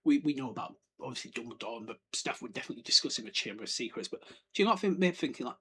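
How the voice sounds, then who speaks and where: A man's voice: mid-range voice, expressive, quick pace, slight background noise. A man hosting a podcast, chatting casually through a book chapter, laughing often and slipping into silly character voices. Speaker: podcast host. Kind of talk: casual book breakdown chat.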